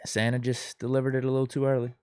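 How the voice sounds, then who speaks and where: A man co-hosts a casual sports podcast in a relaxed, deadpan way, reading listener names and teasing his partner. His voice sits in an ordinary middle range. The recording is close and dry. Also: medium pitch, fast talker, clean tone, dry recording. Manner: laid-back, dry humor. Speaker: podcast co-host reading listener shout-outs.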